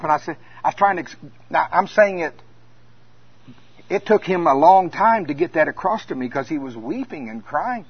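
A man preaching at a conference as a minister, telling stories that swing between hushed and loud. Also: on the high side, animated, moderate pace, slightly rough. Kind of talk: conference sermon. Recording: dull lo-fi sound.

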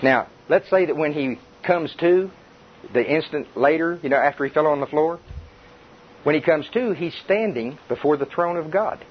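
Older preacher, folksy and chuckling, mid-pitched, on a dull taped recording with faint hiss. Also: male voice, moderate pace. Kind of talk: sermon. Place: church before a congregation.

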